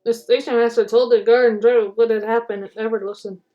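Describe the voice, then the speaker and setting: A woman reading a children's storybook aloud, narrating in an animated, dramatic way. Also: fairly high pitch, fast talker, lo-fi sound. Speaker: storybook reader.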